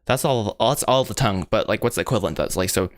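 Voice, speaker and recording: A man's voice: fairly low pitch, fast talker, no room sound, clean studio sound. A young man from the United States chatting casually on a livestream while he animates, rambling, joking at his own expense and sounding out mouth shapes. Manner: rambling, self-mocking, excitable, says bro and guys a lot.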